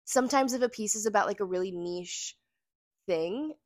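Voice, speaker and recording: A woman's voice: mid-range voice, normal speed, dry recording, clean studio sound. A young woman chatting casually as a podcast guest, rambling and full of fillers. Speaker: guest, magazine editor.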